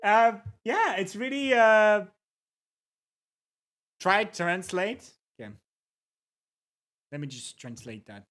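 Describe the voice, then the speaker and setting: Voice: medium pitch, very animated, takes it slowly, long pauses, a bit bright. A livestreamer in casual chat, reading viewer messages aloud, greeting people, and repeating words with amusement.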